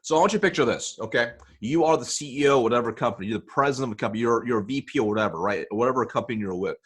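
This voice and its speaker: A man with a husky, slightly breathy voice sits at middle pitch as he explains sales tactics in an interview. He keeps checking in with his listener, tagging "okay?" and "right?" onto his points. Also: very fast. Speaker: sales coach guest.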